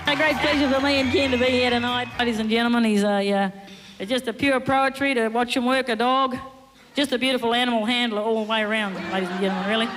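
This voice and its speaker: A woman's voice: a little high, fairly even intonation, fast talker, in a large hall, background noise, natural voice. A woman playing a folksy bloke. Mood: proud. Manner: folksy, rambling, over-the-top praise. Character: rural New Zealand man, folksy show announcer. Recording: archive clip with music behind.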